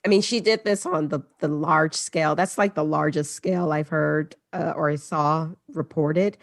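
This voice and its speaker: Woman podcaster, low voice, casual storytelling, dry close sound. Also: fairly even intonation, moderate pace, creaky, no echo. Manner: conversational, mixes read passages with asides. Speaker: podcast host.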